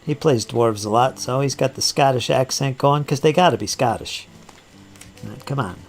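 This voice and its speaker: A man's voice: mid-range voice, moderate pace, a little hiss or hum. A man hosting a casual live hobby chat while he crafts, rambling and joking and often laughing at himself. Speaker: hobby channel host.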